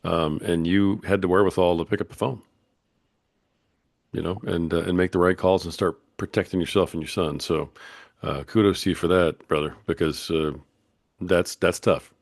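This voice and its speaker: A man's voice: sits low, fairly even intonation, normal speed, gravelly, no room sound, studio quality. A man hosting a podcast, talking casually and encouraging his guest, calling him "brother.". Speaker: podcast host. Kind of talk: casual interview chat.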